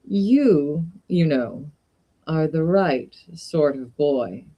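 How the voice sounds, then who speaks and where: A woman reading a story aloud, voicing a tall, uncanny male magic shopkeeper who speaks in a deliberate, politely insistent way. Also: sits low, expressive, mellow, husky, lo-fi sound, full character voice. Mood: courteous.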